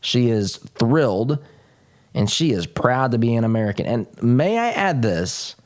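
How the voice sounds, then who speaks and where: On his political talk show, a man delivers a commentary monologue in a medium-pitched, slightly slow voice with big pitch swings. He speaks emphatically, repeats phrases often, and tosses folksy asides to his listeners.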